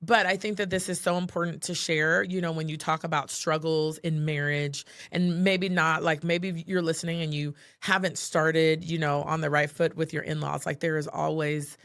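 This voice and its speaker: Chatty woman with gravelly vocal fry. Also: low voice, fairly even intonation, moderate pace, hardly any pauses, fairly bright tone, no room sound, studio quality. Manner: chatty, heavy with fillers like "like" and "you know"; heartfelt, personal storytelling. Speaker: podcast co-host. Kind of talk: casual podcast chat.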